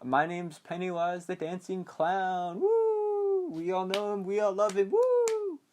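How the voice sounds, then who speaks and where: A man voicing a creepy clown monster who lures a child, with a high, drawn-out, sing-song voice and sudden whoops. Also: wildly swooping pitch, a little mellow, a little hiss or hum, heavily acted. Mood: gleeful.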